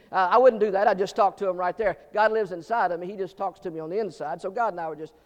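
Fast-talking, high-voiced folksy male pastor. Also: in a large hall. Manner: folksy, joking, quick asides, repeats words. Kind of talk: sermon with humorous stories.

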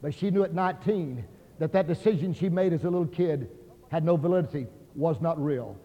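A man preaching a revival sermon as an evangelist in a large auditorium, impassioned, acting out the voices in his stories and rising to near shouts. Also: on the high side, brisk. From Oklahoma. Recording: dull sound in a hall with long reverb.

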